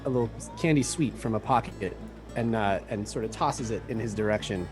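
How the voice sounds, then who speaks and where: A man playing a tabletop game, talking in a hesitant, soft-spoken way. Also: on the low side, a little fast, soft background music. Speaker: player. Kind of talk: casual tabletop play.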